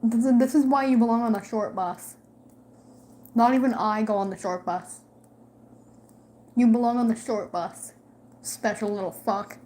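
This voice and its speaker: A woman's voice: a little high, normal speed, pauses often, dark tone. A woman vlogging at home in casual chat to camera, swearing and teasing her cat.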